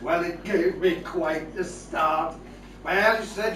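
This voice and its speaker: Older man, high-voiced, music hall singer and joke teller, recorded far off in an echoey room. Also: fairly even intonation, takes it slowly, fairly bright tone. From North East England. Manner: sings comic choruses, rattles through a dialect joke. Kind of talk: singing music hall songs and telling a comic story.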